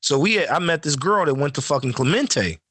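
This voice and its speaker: A man, co-hosting a casual podcast and telling profane, animated stories. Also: on the high side, brisk, no echo. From Chicago. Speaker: podcast host. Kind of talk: casual chat.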